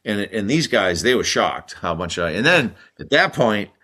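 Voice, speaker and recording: A man's voice: lowish voice, moderate pace. A man in his sixties from the United States, a guest on a podcast, telling a long story and acting out the people in it. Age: 60s. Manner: animated, acts out the people in his stories. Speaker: guest, former Olympic hockey player.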